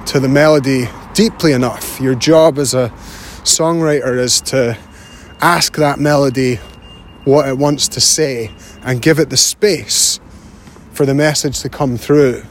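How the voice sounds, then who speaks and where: A man's voice: medium pitch, fairly even intonation, unhurried. Male podcast host, casual reflective delivery, faint background hiss. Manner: thoughtful, speaks in loose restarts and fillers.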